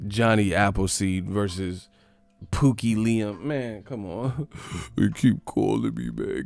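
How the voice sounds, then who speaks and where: An American man hosting a boxing live stream, ranting in an animated, mocking, trash-talking way. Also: lowish voice, takes it slowly, creaky, no echo, faint music behind. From United States. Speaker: boxing channel host.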